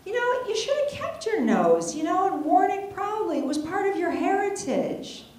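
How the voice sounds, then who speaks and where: A woman quoting her husband as an earnest, gentle man speaking sincerely. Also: very high-pitched, sing-song, normal speed, pitched above the performer's own voice. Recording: very echoey hall.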